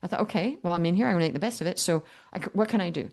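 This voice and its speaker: Older lady coach on an interview, lowish voice, animated, does the voices of people she's quoting, jokey. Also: very fast, creaky. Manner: animated, acts out dialogue with quoted voices, humorous. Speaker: guest business coach. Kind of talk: conversational storytelling interview.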